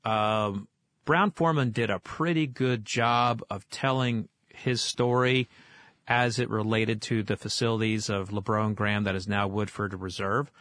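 A man from Oklahoma, a guest in an interview, telling stories in a casual, animated way with many fillers. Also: fairly low pitch, a little slow, no echo. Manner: animated storyteller, lively with fillers. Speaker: guest, whiskey author.

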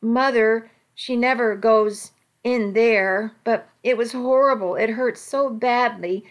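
A woman's voice: on the high side, fairly bright tone. A woman voicing a frightened teenage girl who sobs and stammers her words. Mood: tearful. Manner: sobbing, halting, stammering pleas.

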